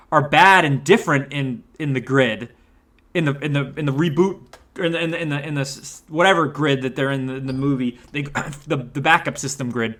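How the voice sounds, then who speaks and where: A man's voice: on the high side, pushed and bright. A man ranting through a movie review, exasperated and swearing, stumbling over restarts and repeated words. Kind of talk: rambling rant review.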